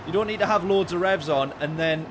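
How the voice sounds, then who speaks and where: A man commentating live on a sim-racing stream, chatting with viewers in his chat and getting excitable in the race. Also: fairly high pitch, brisk, background noise. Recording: game music behind voice. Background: game music and car engine sounds.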